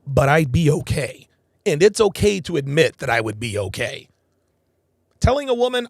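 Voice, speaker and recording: A man's voice: fairly high pitch, moderate pace, creaky, no echo, clean studio sound. A man hosting a live reaction commentary, talking emphatically and repeating himself for stress. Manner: animated, repetitive emphatic phrasing. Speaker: host.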